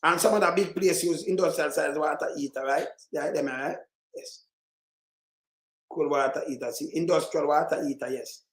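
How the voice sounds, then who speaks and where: A man with a Jamaican accent, ranting commentary on the news, heated and preachy with sudden shouts. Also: on the high side, moderate pace, roomy sound, poor audio. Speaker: online commentator.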